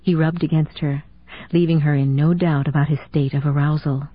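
Husky woman narrating a romance. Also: sits low, fairly even intonation, moderate pace, no echo. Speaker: audiobook narrator. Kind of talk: scripted narration. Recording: dry tinny phone-like sound.

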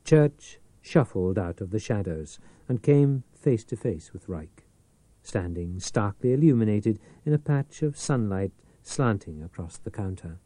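A man narrating a novel in a measured, dramatic storytelling manner. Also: lowish voice, lively intonation, warm tone, dry recording. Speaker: audiobook narrator. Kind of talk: scripted narration.

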